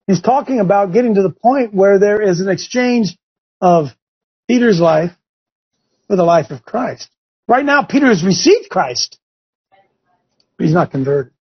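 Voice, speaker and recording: A man's voice: high-pitched, animated, unhurried, long pauses, husky. A man preaching to a group in a folksy, emphatic way, speaking straight to his listeners. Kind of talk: sermon. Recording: dull lo-fi recording.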